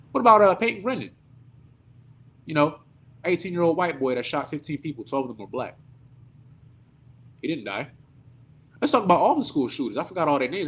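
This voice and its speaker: A man preaching at a service, telling a story in an animated, indignant, conversational way. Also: a little high, breathy edge. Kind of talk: sermon storytelling.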